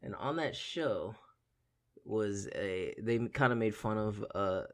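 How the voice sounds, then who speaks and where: A man in his twenties co-hosting a podcast, an animated storyteller who swears freely. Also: on the low side, takes it slowly. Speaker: podcast co-host. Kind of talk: casual chat.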